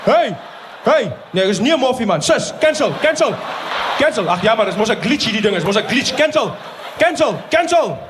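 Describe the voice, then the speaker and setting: A man voicing a flustered Afrikaans man shouting at his phone, with an Afrikaans accent and a loud, exasperated delivery. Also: very high voice, sing-song, normal speed, crowd noise, noisy background, pitched above the performer's own voice. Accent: Afrikaans-accented English.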